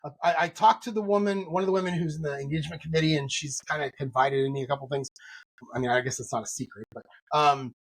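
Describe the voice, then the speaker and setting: Fast-talking husky man venting. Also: a little high. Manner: animated storytelling, venting about bad service. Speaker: podcast co-host. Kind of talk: casual podcast chat.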